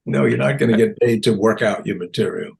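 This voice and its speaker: Man telling stories, animated and chatty. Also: lowish voice, fairly quick, vocal fry. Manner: animated, acts out quotes in raised voices, laughs often. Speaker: guest comedian. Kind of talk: casual interview storytelling.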